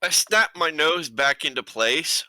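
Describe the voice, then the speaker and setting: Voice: mid-range voice, measured pace, sharp tone, no room sound. A player in a live-streamed tabletop game, chatting casually and describing what their character does.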